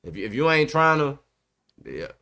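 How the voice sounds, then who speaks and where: A man's voice: medium pitch, lively intonation, normal speed, a bit bright. Emphatic man talking sports on a podcast. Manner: emphatic, repeats himself, says bro a lot. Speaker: podcast host. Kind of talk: casual sports chat.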